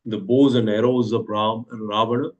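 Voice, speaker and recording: A man's voice: fairly low pitch, fairly even intonation, normal speed, a little mellow, highs cut off. An Indian-accented man teaching a scripture class, retelling the story and asking "what happens" again and again with frequent hesitant fillers. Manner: repeats rhetorical questions, hesitant fillers.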